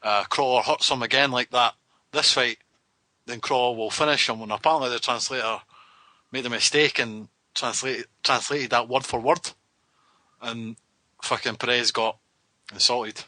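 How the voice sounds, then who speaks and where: A man's voice: medium pitch, fairly even intonation, moderate pace, sharp tone, no room sound, low-quality recording. A man co-hosting a casual podcast chat, explaining what he has heard and cutting in. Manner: explanatory, interjecting. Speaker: podcast co-host.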